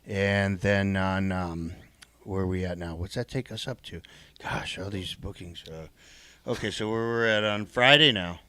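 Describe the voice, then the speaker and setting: Middle-aged guy, low voice, deadpan and rambly, dry close sound, lots of uhs. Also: clean tone, no room sound. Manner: deadpan, rambling, halting with many fillers. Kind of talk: casual podcast chat.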